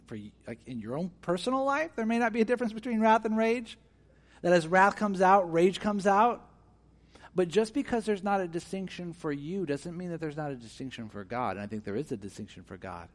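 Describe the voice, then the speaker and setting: A pastor with a high voice delivers a sermon, moving between hushed and emphatic phrases. He questions his listeners and acts out the voices he quotes.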